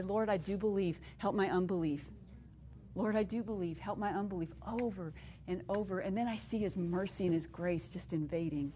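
A middle-aged woman speaking at a women's conference, telling her own story and teaching from the Bible in an animated way that acts out the people she quotes. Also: medium pitch, a little hiss or hum. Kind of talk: personal testimony and Bible teaching.

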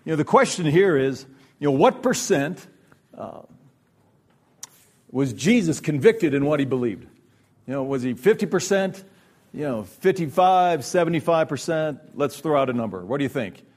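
In a sermon-style workshop talk, a middle-aged man speaks earnestly and conversationally about Christian themes, often asking "right?" to check in. His voice sits on the high side, sounding expressive and a little mellow, and he keeps a normal speed.

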